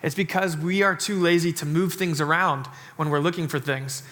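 A man's voice: on the high side, fairly even intonation, moderate pace, fairly bright tone. A man in his thirties preaching to a church congregation, casual and joking, with many "like" fillers before turning to a sermon. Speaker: pastor. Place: church sanctuary.

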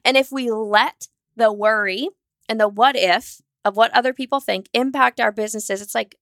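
A woman's voice: fairly high pitch, fairly bright tone, no echo, studio quality. Fired-up woman hosting a podcast. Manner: fast, fired-up and candid, with casual swearing; acts out her own anxious inner voice. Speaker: podcast host. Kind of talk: solo podcast monologue.

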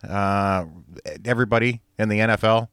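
A man's voice: on the low side, level tone, moderate pace, fairly bright tone, smooth, dry recording, clean studio sound. A man co-hosting a casual chat show, a father who talks in a sarcastic, exasperated way and repeats himself. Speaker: co-host. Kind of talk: casual radio-style chat.

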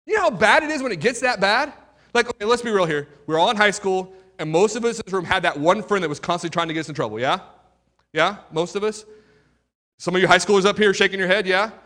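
A young man preaches his own testimony to a room of listeners. His voice sits a little high and comes out bright and forceful. He tells the story with drama, sinking to a hush and then rising loud, and throws questions straight at the crowd. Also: animated, fast. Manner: dramatic storytelling, swinging between hushed and loud. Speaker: youth speaker giving his testimony. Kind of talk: testimony sermon to a live audience.

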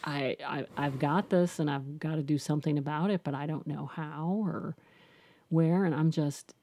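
A woman's voice: low-pitched, steady tone, moderate pace, warm tone. A middle-aged woman, a guest, telling her personal story candidly and reflectively, often restarting and saying "you know".

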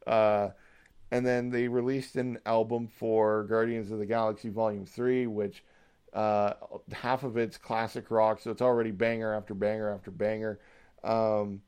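A young man hosting a casual solo podcast, rambling excitedly like a hyped fan and swearing freely. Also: fairly low pitch, smooth. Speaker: podcast host.

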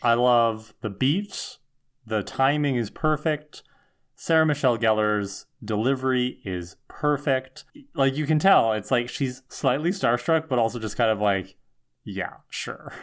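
Podcast co-host, casual recap chat, wry, relaxed, middle pitch. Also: measured pace. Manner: relaxed, wry, laughing asides.

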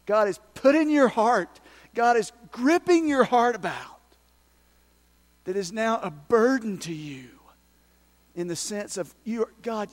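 A male pastor preaching a sermon, acting out prayers and asides with passion. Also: sits high.

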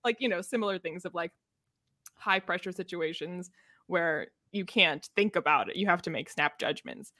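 A woman's voice: lowish voice, normal speed, sharp tone, dry recording, studio quality. A young woman co-hosting a podcast, chatting casually about books, laughing often and filling her talk with "like". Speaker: podcast co-host. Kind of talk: casual book discussion chat.

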